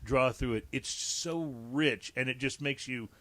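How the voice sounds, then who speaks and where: A man with a medium-pitched voice hosts a laid-back tasting podcast, speaking with easy enthusiasm. His voice is recorded close and dry, with little room sound. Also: unhurried, dry recording. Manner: relaxed, enthusiastic about cigars. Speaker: podcast host. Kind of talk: casual tasting talk.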